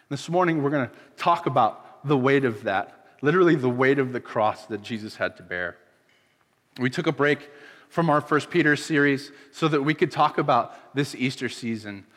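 A pastor giving a casual, emotional sermon, telling the story loosely and dropping soft when moved. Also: male voice, medium pitch. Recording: long hall reverb.

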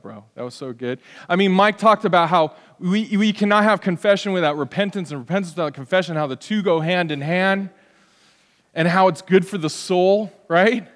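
A man's voice: a little high, clean tone. A man in his forties preaching a sermon in a church, talking in a loose, conversational way and acting out small everyday scenes to make his point. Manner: conversational, animated, acts out little scenes. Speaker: pastor. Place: church sanctuary. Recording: long hall reverb.

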